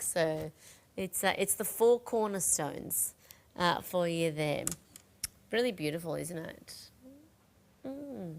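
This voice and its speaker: A woman's voice: a little high, animated, slow, a bit bright. Chatty middle-aged woman selling jewellery live. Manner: chatty, rambling, talks straight to viewers. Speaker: home shopping presenter. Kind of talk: live home-shopping sales chat.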